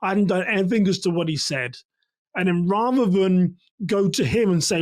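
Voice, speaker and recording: A man from England giving measured, instructive commentary on a church security case as a trainer. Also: high voice, no echo.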